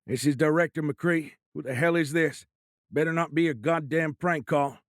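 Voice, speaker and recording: A man voicing a middle-aged government director, gruff and urgent over a phone line, at times choked with grief. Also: mid-range voice, moderate pace, no room sound, clean studio sound, pitched above the performer's own voice, lightly acted.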